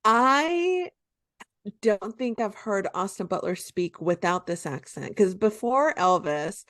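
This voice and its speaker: Woman podcast cohost, mid-pitched, blunt and sweary, dry close sound. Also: expressive, slow, a bit bright, dry recording. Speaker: podcast co-host. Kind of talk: casual chat.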